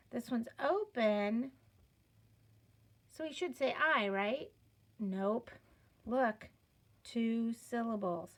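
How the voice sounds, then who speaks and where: A woman's voice: on the high side, vocal fry. A woman teaching a children's phonics lesson, sounding out letters patiently and encouraging the learners. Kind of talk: slow step-by-step reading lesson.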